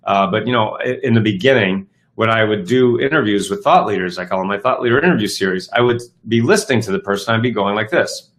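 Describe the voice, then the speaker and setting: A man's voice: fairly low pitch, fast, few pauses, a bit bright. A middle-aged man hosting a self-help live show, talking casually and upbeat with many fillers and restarts. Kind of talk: casual live-stream talk.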